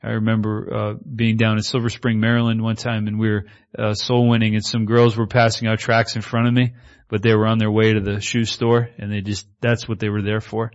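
A man preaching a sermon in a conversational style, moving between reading scripture and lively asides. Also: on the low side, brisk. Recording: slightly muffled recording.

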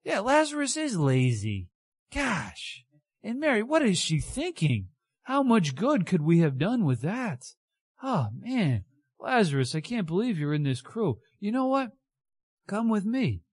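A sly little demon coaxes and flatters in a raised, wheedling voice, as a man preacher puts him on. He sounds smooth and persuasive. The sound is dry and close. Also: high-pitched, a little slow, no room sound, voice pushed up, heavily acted. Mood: coaxing.

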